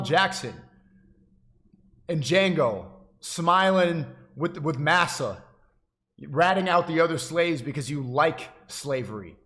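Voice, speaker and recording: A man's voice: fairly high pitch, fairly bright tone. A man livestreaming, giving an insistent, preachy monologue to his chat, often repeating and restarting his phrases.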